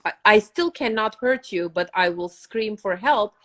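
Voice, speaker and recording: A middle-aged woman hosts a relaxed podcast conversation, blunt and excitable, poking fun at herself as she goes. Her voice sits at an ordinary middle pitch for a woman. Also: measured pace. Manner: blunt, excitable, self-mocking. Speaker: host. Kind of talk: casual podcast chat.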